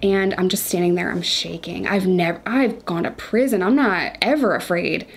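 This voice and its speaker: A woman's voice: fairly low pitch, normal speed, husky. A woman in her thirties, a guest telling her own story candidly and vividly in an interview. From Chicago suburbs. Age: 30s. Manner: candid, vivid retelling with quoted thoughts.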